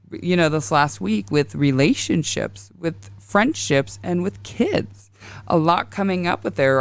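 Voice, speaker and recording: Gravelly-voiced woman, rambling podcast chat. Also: deep voice, dry recording. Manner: rambling, confessional storytelling. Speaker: podcast host. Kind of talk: casual astrology podcast talk.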